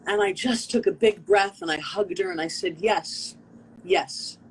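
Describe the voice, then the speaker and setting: An American woman, a performance artist, telling a personal story on a video call interview in an expressive, earnest way, acting out the people she quotes. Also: mid-range voice, brisk, breathy edge, low-quality recording. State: tearful.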